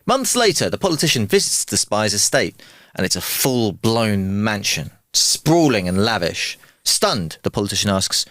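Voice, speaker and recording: A man co-hosting a podcast, telling jokes in a casual, animated storytelling way. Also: on the low side, moderate pace, no echo, clean studio sound. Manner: animated storytelling, laughs often. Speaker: podcast co-host. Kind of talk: casual joke-telling chat.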